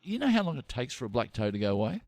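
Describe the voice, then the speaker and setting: A man's voice: mid-range voice, big pitch swings, racing, darkish tone, no echo, clean studio sound. An older Australian man co-hosting a podcast, telling a rambling, self-mocking story in casual chat. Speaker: podcast co-host.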